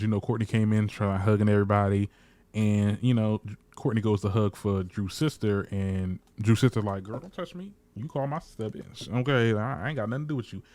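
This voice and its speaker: A man's voice: fairly low pitch, no echo. A man recapping a reality TV episode in casual, shady commentary, swearing freely and voicing the cast in quotes. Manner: chatty, shady, swears freely, animated quoting. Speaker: reality TV reviewer.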